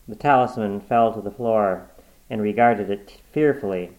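Man narrating a horror story with measured suspense. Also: lowish voice, a little mellow, rough recording.

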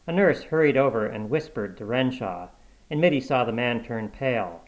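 A male narrator reads a short story in a calm, measured audiobook style. His voice sits at an ordinary middle pitch, and his storytelling stays even and unhurried. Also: low-quality recording.

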